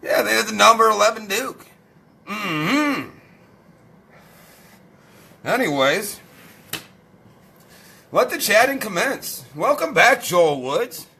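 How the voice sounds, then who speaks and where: A foul-mouthed man chats loosely on a late-night live stream, joking and a little tipsy from beer. His voice sits high and swoops widely. He takes his time and sounds bright and forceful. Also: gravelly. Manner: rowdy, profane, joking.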